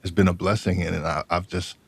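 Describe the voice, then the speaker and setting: A man hosting a podcast, talking in a halting way and repeating his words as he tells his story. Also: sits low, fairly even intonation, gravelly, husky, no echo. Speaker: podcast host. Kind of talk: casual interview chat.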